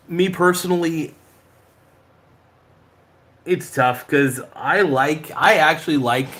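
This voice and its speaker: A man hosting a podcast, chatting casually and reading viewer comments in a rambling, laid-back way with frequent swearing. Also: mid-range voice. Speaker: podcast host.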